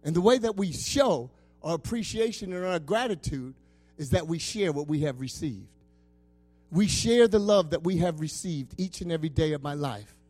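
A man preaching a sermon with passion, swinging from loud calls to soft asides. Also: on the high side, expressive, normal speed, soft background music.

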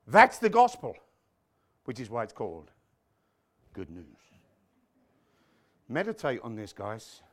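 An English man preaching a sermon in an animated way, swinging from loud exclamations to quiet prayer. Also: mid-range voice, slow, pauses often.

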